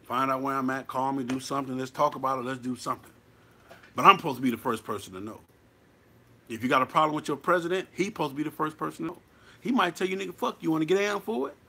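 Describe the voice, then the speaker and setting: A man's voice: mid-range voice, fast talker, bright, forceful tone, slightly rough. A man giving blunt, profane, preachy advice as a motorcycle club member in a casual monologue.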